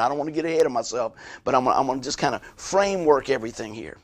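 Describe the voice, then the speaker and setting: A man's voice: medium pitch, expressive, fast talker. A male pastor, preaching a conversational sermon with frequent asides to his listeners.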